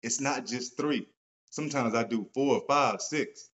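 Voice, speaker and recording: A man hosting a live stream, talking casually about gratitude, animated and swearing freely as he gets excited. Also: mid-range voice, a little slow, lo-fi sound. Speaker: author and host of a live stream. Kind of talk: casual motivational talk. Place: at home, seated in a wheelchair.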